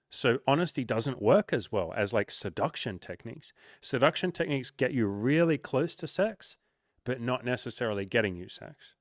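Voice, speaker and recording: A young man gives frank dating advice in a loose, animated monologue. He talks at a middling pitch and jumps into little impressions of the people he quotes. The sound is close and dry, with no room in it. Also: normal speed, dry recording. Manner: candid, animated, acts out quoted voices. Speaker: dating coach. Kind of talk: casual monologue to camera.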